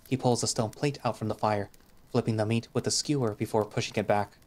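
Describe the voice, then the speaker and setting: A man reads a visual novel aloud in the first person, reflective and conversational. His voice sits fairly low. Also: steady tone, fairly quick, darkish tone.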